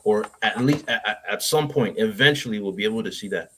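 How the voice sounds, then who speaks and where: A young man speaks as a guest on a casual talk show, his voice sitting a little low. He gives his advice in a halting, rambling way, restarting his sentences as he thinks. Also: fairly bright tone, a little hiss or hum. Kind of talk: casual chat, giving advice.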